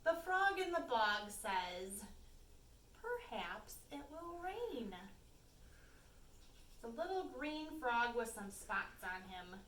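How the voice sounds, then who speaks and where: A woman teacher reading picture books aloud to young children, slow, clear and animated. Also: fairly high pitch. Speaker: school storytime teacher. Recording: echoey room, mic from far off, faint background hum.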